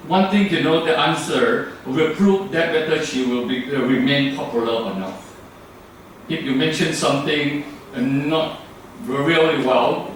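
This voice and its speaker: A man's voice: mid-range voice, fairly bright tone. Thai-accented man in a very echoey room. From Thailand. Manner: rambling, with many fillers and restarts. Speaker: club speaker. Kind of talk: impromptu club speech. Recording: very echoey room from far off, faint noise.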